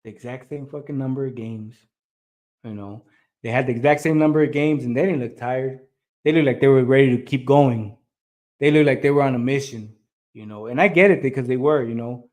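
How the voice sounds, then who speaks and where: A man's voice: mid-range voice, brisk, darkish tone. A man on a sports talk show, frustrated and rambling, full of fillers.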